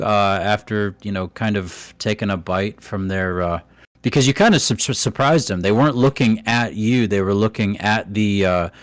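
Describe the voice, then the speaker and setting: A man narrating a tabletop game as game master, halting and pausing often. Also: on the low side, no echo. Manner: halting, full of fillers.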